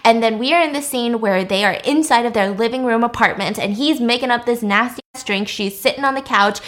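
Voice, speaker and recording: A woman's voice: medium pitch, fairly bright tone. A young woman casually recapping a movie, swearing, sarcastic, and acting out the characters' lines. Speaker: film recapper.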